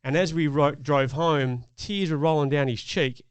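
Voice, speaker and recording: A man's voice: a little high, moderate pace, smooth, no room sound. A middle-aged man, a podcast co-host, telling a personal parenting story in an earnest, reflective way. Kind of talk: casual chat.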